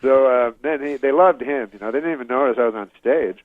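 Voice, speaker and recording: A man, a comedian, telling a long rambling story in a halting, deadpan way and chuckling now and then. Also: mid-range voice, dry recording. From Canada. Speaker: comedian guest. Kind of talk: rambling storytelling on a radio interview. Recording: dull dry lo-fi radio recording.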